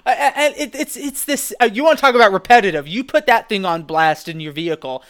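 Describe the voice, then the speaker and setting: A man co-hosting a podcast, rambling in animated, loose chat with lots of restarts. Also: high-pitched, fairly quick, smooth. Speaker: podcast co-host. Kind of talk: casual chat.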